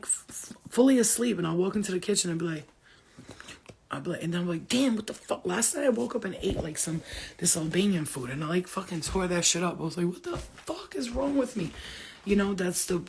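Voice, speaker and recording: A woman's voice: low-pitched, gravelly, breathy edge. A woman, a spiritual healer, rambling and swearing freely in casual chat with her viewers.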